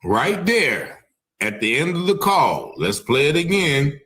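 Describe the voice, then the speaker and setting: A man's voice: fairly high pitch, big pitch swings, slow pace, fairly bright tone. Man giving speculative stream commentary. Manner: speculative, repeats himself, hedging. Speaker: online commentator.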